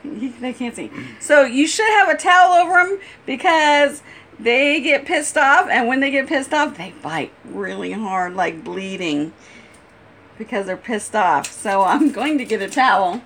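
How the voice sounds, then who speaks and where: A talkative woman with a somewhat high voice explains, step by step, how to hold her pet bird. She laughs often and keeps the tone casual and homey. It sounds like an everyday home video. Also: lively intonation, measured pace, a bit bright. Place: at home indoors.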